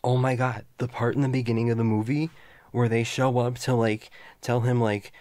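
A young man in a whispered role-play as a goofy, playful boyfriend, drifting between silly chatter and soft tender asides. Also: medium pitch, level tone, normal speed, dry recording.

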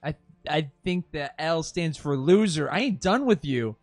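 A man voicing a brash, taunting young male fighter who yells an insult at a foe in a tabletop game. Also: a little high, animated, unhurried, dry recording, soft background music, voice pushed up. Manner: loud taunting yell.

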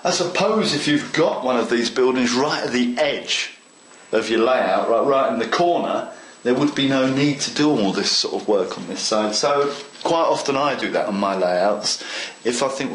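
A man's voice: mid-range voice, moderate pace, echoey room, slight background noise, low-quality recording. A man hosting a model railway tutorial, chatting eagerly to the viewer as he works through a hands-on craft demonstration. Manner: chatty and enthusiastic, talks to the viewer.

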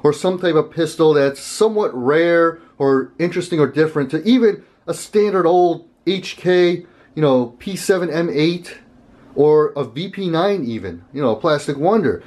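A man's voice: a little high, lively intonation, normal speed, darkish tone. A man hosting a casual gun vlog, talking to camera in a rambling, conversational way and chuckling often. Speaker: gun channel host.

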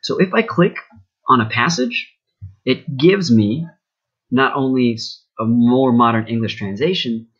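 A man's voice: mid-range voice, measured pace, fairly bright tone, breathy edge. Casual rambling male teacher, lo-fi. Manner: casual, rambling, many fillers and asides. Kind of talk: recorded classroom lesson.

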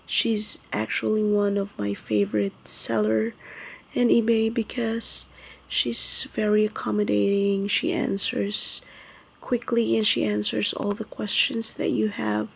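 A young woman from the Philippines speaks in a whispered haul vlog, hushed and breathy. She talks slowly, with a gravelly catch under the whisper. She sounds quietly excited about what she shows. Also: medium pitch. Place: home at night, others asleep.

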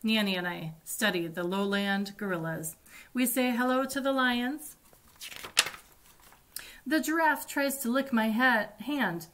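Slow-reading woman at library story time. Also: on the high side, background noise. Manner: gentle, deliberate read-aloud delivery. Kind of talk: reading picture books aloud to children.

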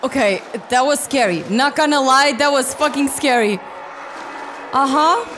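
A woman's voice: high-pitched, measured pace, fairly bright tone, a little hiss or hum. A woman in her twenties commentating a horror game as she plays, reacting with exclamations and swearing. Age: 20s. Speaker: gaming video creator. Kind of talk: let's play commentary. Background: game music.

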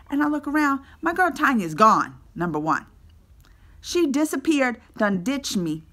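High-voiced animated woman vlogger. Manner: swings between excited shouts and whispered asides; acts out her own lines in quotes. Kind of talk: animated reaction storytelling.

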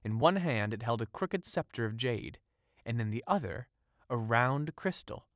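A man narrating an audiobook of a classic fairy tale, in a steady, ornate storytelling read on a close mic. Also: mid-range voice, normal speed, no echo.

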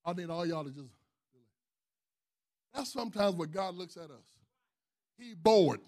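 A man preaching a sermon to a church congregation. He builds into shouted emphasis and calls people up to the front. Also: high voice, animated, moderate pace. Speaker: pastor.

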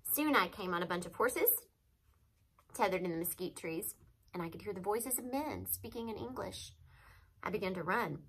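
A woman reads a novel aloud with expressive, lively storytelling. Her tone is bright and crisp. She sounds like a teacher who stops now and then to name a figure of speech. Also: mid-range voice, moderate pace, low-quality recording.

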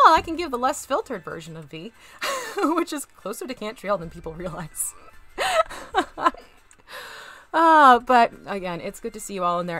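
A woman's voice: mid-range voice, a bit bright. A woman hosting a casual live stream, chatting while she paints miniatures, upbeat and chatty, greeting viewers by name. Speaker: crafting channel host.

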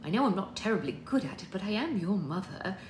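A woman's voice: medium pitch, sing-song, fast, close to an everyday voice. A woman reading the lines of a guarded, dry-witted middle-aged witch mother, in a roomy recording with faint background noise.

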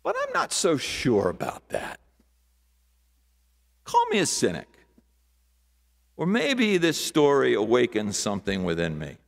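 A man preaching a sermon as pastor, slow and deliberate, with dramatic pauses and hushed asides. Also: a little high. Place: large church sanctuary. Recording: long hall reverb.

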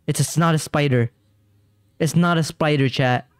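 Clear and resonant, with a pitch on the high side, this young man's voice moves at a normal speed as he chats casually to viewers while gaming. He's jumpy and rambly, and scares make him repeat himself. The dry close-mic recording has no room sound, just faint game music.

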